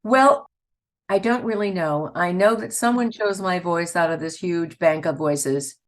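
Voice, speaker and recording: A woman's voice: lowish voice, unhurried. A woman, a voice actor telling stories in a casual interview and laughing often. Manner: chatty, laughs often, storytelling. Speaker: voice actor guest.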